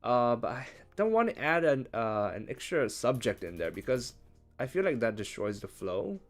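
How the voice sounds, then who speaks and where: A man working through a translation out loud in a casual, chatty way, thinking as he goes. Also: mid-range voice, very animated, normal speed, soft background music. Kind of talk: casual live-translation commentary.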